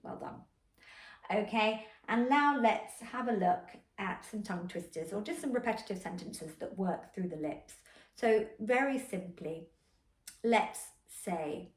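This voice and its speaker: A woman voice coach calmly guiding a vocal warm-up, giving encouraging instructions and demonstrating exercises. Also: medium pitch, a little slow, far from the mic. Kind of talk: guided vocal warm-up lesson. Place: indoor room. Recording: echoey room, voice a bit off-mic.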